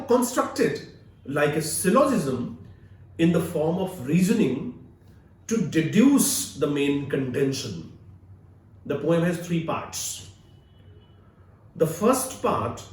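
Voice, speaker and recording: A male literature professor with an Indian English accent giving a recorded video lecture, measured and explanatory with frequent "uh" fillers. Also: on the high side, a little mellow, distant mic. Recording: echoey room, speaker away from mic.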